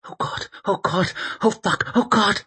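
A man reading a story voices a terrified young man fleeing for his life, hissing in strained desperation with a husky voice. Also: sits high, a little slow, fairly bright tone, pitched above the performer's own voice, heavily acted.

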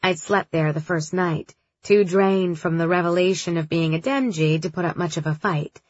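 A woman giving first-person audiobook narration in a measured, steady way. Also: fairly low pitch, no room sound, muffled recording.

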